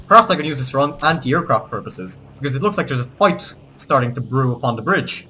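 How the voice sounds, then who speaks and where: A man's voice: fairly high pitch, expressive, fast talker, few pauses, sharp tone, slight background noise. A man giving gameplay commentary, switching between theatrical rallying speeches and swearing asides. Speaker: let's play gamer.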